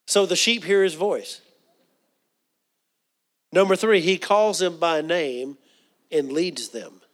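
A man's voice: on the high side, slow pace. A middle-aged man preaching a sermon. He often repeats words and asks the congregation questions. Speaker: pastor.

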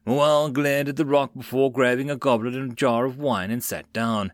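A man narrating a web novel audiobook in a steady reading voice. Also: mid-range voice, moderate pace, hardly any pauses, no echo.

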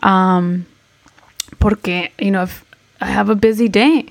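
A woman in her thirties co-hosting a podcast, talking in a halting, reflective way and switching between English and Spanish. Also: medium pitch, fairly even intonation, vocal fry. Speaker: podcast co-host. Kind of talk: casual chat.

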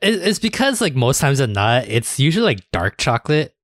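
A man co-hosting a podcast, chatting casually with joking quick asides. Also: medium pitch, very animated, dry recording, clean studio sound. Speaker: podcast co-host. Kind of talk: casual chat.

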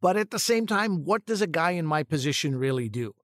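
Higher-voiced man telling a thoughtful story. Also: expressive, a little fast, dry recording, clean studio sound. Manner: thoughtful storyteller with frequent restarts. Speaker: podcast co-host, comedic actor. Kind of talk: casual podcast discussion.

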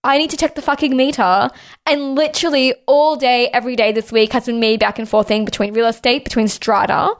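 A woman's voice: on the high side, fairly even intonation, fairly quick. A young woman hosting a podcast, ranting casually with heavy swearing and constant "like". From Australia. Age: young adult. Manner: exasperated, heavy swearing, lots of "like". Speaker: podcast host.

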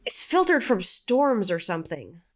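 A woman reading a session transcript aloud, describing things in a halting, searching way with many fillers. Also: medium pitch, very animated.

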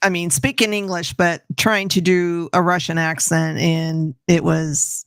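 Co-host for a show review, unhurried and wry, dry close sound. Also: mid-range voice, level tone, creaky, a bit bright, clear, resonant tone, no echo. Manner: short wry interjections, laughs along. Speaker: podcast co-host reviewing TV episodes. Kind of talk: casual review chat.

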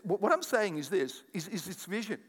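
An older man preaching a sermon as pastor, animated and jokey, often repeating his words. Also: high voice, fairly quick, husky. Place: church hall. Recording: echoey church hall sound.

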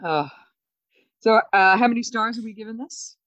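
A woman co-hosting a podcast, recapping a TV episode in casual chat, animated and laughing often. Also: fairly high pitch, normal speed, no room sound. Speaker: podcast co-host. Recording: dull, dry sound.

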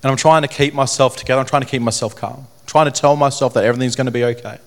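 Young man, earnest testimony speaker, halting and repetitive, mid-pitched voice. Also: steady tone. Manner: earnest, halting, repeats phrases. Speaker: speaker telling his testimony. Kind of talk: personal testimony talk to an audience.

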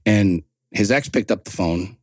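A man in his forties talks bluntly and swears freely as a podcast guest, building his stories with rising passion. His voice sits fairly low, and the recording is dry and close, with almost no room sound. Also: unhurried, no echo. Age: 40s. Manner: blunt, profane, impassioned storytelling. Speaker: podcast guest, men's coach. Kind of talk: casual interview talk.

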